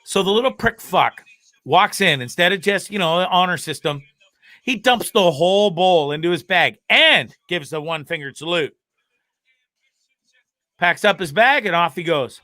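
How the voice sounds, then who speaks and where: A Canadian man with a bright, forceful voice pitched a bit above average hosts a casual live web show. He's animated and profane at a moderate pace, ranting and laughing freely between topics. The sound is dry and close, with no room noise.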